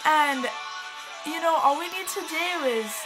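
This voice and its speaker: A woman's voice: high-pitched, measured pace, rough recording. A woman vlogging in a put-on, mixed British accent, rambling in a giggly, scattered, dramatic way. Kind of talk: rambling casual vlog. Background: faint music.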